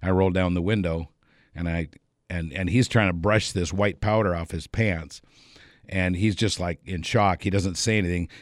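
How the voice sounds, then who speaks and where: A man casually telling a long anecdote, relaxed and rambling, chuckling often along the way. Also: low-pitched, moderate pace, no room sound, clean studio sound. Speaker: storyteller.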